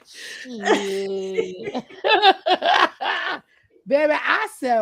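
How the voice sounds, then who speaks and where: Livestream host, woman; rowdy, laughing banter, slow and high with gravel. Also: expressive, dry recording. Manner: loud, laughing, playful trash talk. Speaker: channel host. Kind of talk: casual live chat.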